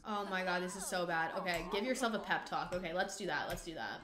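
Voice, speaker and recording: Bright, excitable woman narrating a game. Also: lowish voice, fast talker, few pauses, echoey room. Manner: excitable, dramatic, swears often. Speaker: gaming channel host. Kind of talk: casual gameplay commentary.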